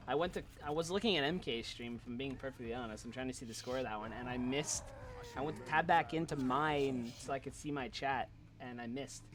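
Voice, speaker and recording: A man casting a live esports match with play-by-play commentary, getting excitable as fights build. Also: brisk, slight background noise. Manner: excitable, builds in pitch and volume during fights. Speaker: esports caster.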